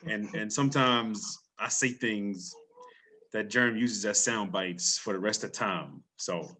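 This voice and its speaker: A man hosting a casual sports talk show, talking in an energetic, loose way with frequent restarts and an island lilt under his broadcast voice. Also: lowish voice, takes it slowly, a little hiss or hum. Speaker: podcast host.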